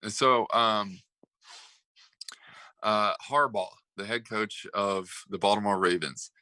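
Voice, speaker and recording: A man's voice: on the low side, slow pace, bright, forceful tone, dry recording, rough recording. A man co-hosting a casual sports talk show, telling stories in a rambling way with lots of fillers and laughs. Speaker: sports podcast co-host.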